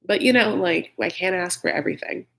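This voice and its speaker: A man's voice: high voice, lively intonation, fairly quick, vocal fry, bright, forceful tone. Catty man gossiping about reality TV. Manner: catty, gossipy, blunt with frequent "like"; mocking quoted voices of reality cast. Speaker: reality TV recap host. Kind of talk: live chat recap commentary.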